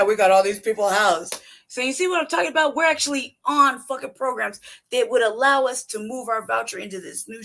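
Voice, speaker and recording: A woman from Los Angeles hosting a show, giving loud profane commentary full of swearing and laughter. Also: sits high. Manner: animated, swearing, ranting and laughing. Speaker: show host commenting on a played clip.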